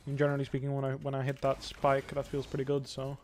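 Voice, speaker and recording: A young man giving live commentary while playing a video game, thinking aloud in a calm, analytical way. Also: mid-range voice, fast talker, a little hiss or hum. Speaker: pro gamer streaming.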